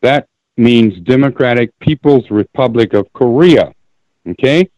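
A man calling in to a radio show, making his point deliberately and emphatically and repeating key phrases. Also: medium pitch, expressive, darkish tone, dry recording. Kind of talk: call-in radio commentary. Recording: dull lo-fi call audio.

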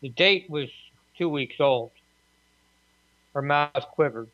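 A man narrating a short story aloud in a measured, plain reading voice with occasional slips. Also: on the high side, no room sound. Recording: dry, tinny phone-like recording.

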